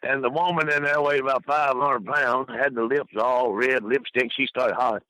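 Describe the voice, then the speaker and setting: An older man, a podcast guest, telling long rambling stories full of fillers and mimicking the people he quotes in high voices. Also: fairly even intonation, brisk, few pauses, pushed and bright, no room sound, poor audio. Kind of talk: storytelling interview.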